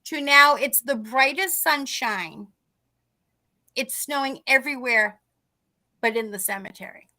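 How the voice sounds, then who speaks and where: Speaking at a measured pace with long pauses, a middle-aged woman with a high, sharp voice shares a ghost story on a podcast. Her talk is casual, and she acts out each person she quotes.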